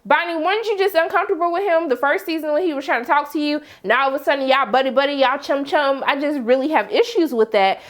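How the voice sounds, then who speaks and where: A woman chatting casually as she recaps a TV episode, slangy and animated, acting out her own reactions. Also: sits high, fast, hardly any pauses. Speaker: TV review vlogger.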